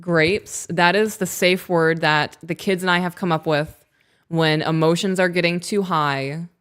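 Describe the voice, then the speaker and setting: Smooth low-voiced woman chatting. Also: a little slow. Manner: chatty storyteller, animated retelling. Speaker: podcast co-host. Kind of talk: casual chat.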